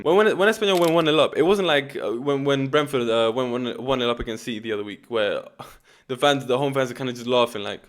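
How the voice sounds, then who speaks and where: Fast-talking young man, casual football rant. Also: mid-range voice. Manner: fast, animated, swears freely, frequent restarts. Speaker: football YouTuber. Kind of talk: casual football weekend recap.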